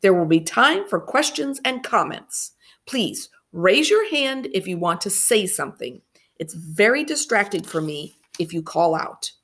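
A woman's voice: fairly low pitch, expressive, normal speed, creaky, a bit bright, heavily acted. A woman voicing a confident, bossy little schoolgirl who tells stories to her class in a firm, precise way. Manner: firm, precise, self-assured.

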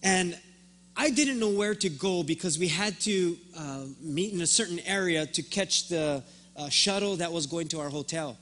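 A man's voice: high voice, moderate pace, a bit bright. A man preaching a sermon as pastor, telling a story and acting out both sides of the conversation, often repeating words as he starts a thought.

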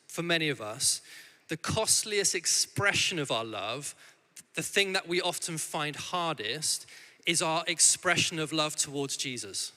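A man in his thirties giving a sermon as a guest preacher, telling family stories in a loose, conversational way with many restarts. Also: on the high side. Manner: warm conversational storytelling with frequent restarts. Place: church hall. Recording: church hall with long reverb.

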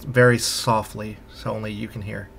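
A man narrating a tabletop game as game master in an unhurried, descriptive way. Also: fairly low pitch, level tone, creaky, a bit bright, slight background noise.

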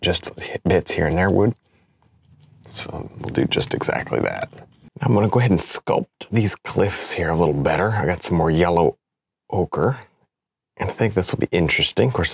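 Deep husky guy showing how to paint, chill and chatty, dry close sound. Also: no echo. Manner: relaxed, chatty, thinks aloud with small laughs. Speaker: painting instructor. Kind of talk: painting demonstration.

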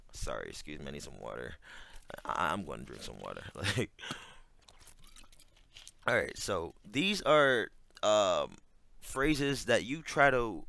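A man's voice: mid-range voice, vocal fry, fairly bright tone, no room sound. A man giving casual reaction commentary, rambling with lots of fillers, frequent swearing and laughter.

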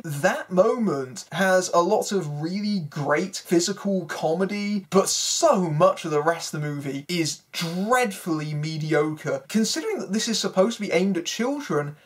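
Reviewer, breathy and husky, mid-range voice, dry sarcastic delivery of a film critique. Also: mid-range voice.

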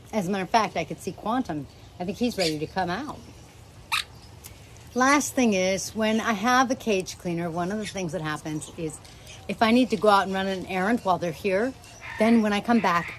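A woman's voice: mid-range voice, slight background noise, low-quality recording. Rambling woman chatting about her parrots. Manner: affectionate, rambling, talks to her birds mid-sentence. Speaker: parrot owner and channel host. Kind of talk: casual chat to camera. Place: home with parrots.

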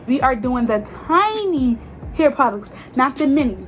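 A young woman, chatting to camera as a beauty vlogger, expressive and exclamatory, full of slang. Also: high voice, moderate pace, faint music behind. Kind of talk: casual chat to camera.

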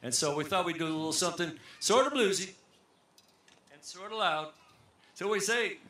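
A man's voice: high voice, animated, normal speed, pushed and bright, a little hiss or hum. A man leading a band on an outdoor amphitheater stage, chatting between songs in a joking, rambling, self-deprecating way into a stage mic. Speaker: bandleader and singer. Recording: roomy live concert sound with faint music.

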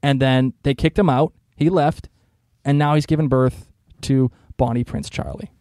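A man's voice: medium pitch, fairly even intonation, moderate pace, a little mellow, no room sound, clean studio sound. A man co-hosting a casual history podcast, explaining things with jokes and frequent laughs. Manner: joking, laughs often while explaining. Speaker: podcast co-host.

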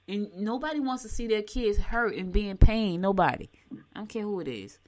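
A middle-aged woman, co-hosting a morning show in casual chat, reading horoscopes and telling animated stories. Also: mid-range voice, brisk. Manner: chatty, animated storytelling.

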